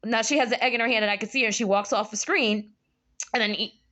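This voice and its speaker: A young woman telling a story in a casual vlog, animated, jumping up high for quoted lines, recorded on a phone. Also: quick pace, dull audio. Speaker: vlogger. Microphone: phone camera.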